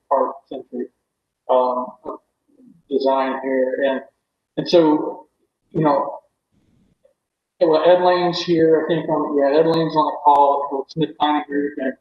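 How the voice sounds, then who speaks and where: A man presenting his development project at a public meeting over a video call, talking loudly in a rambling way and running out of breath. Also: fairly high pitch, steady tone, slow pace, a little hiss or hum. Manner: rambling, loud, many restarts. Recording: echoey, dull video call audio.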